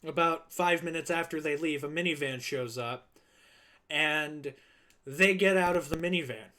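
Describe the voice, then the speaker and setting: A man's voice: a little high, moderate pace. A young man streaming, telling a long work story casually and acting out the people in it. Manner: animated, acts out quoted people in voices.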